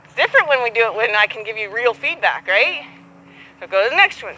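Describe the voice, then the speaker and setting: A woman's voice: a little high, very animated, fast, sharp tone, slight background noise, poor audio. A woman coaching a horsemanship student outdoors, patient and encouraging, acting out both horse and rider as she explains. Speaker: horsemanship instructor. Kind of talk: hands-on coaching.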